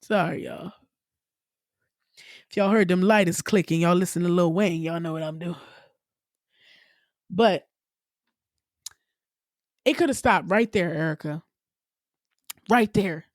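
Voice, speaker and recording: A woman hosting her own podcast, talking candidly and with plenty of profanity, her voice leaping up in pitch when she gets worked up. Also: slow pace, long pauses, no room sound, studio quality. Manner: candid, profane, animated storytelling with sudden pitch jumps. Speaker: podcast host. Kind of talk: casual solo podcast monologue.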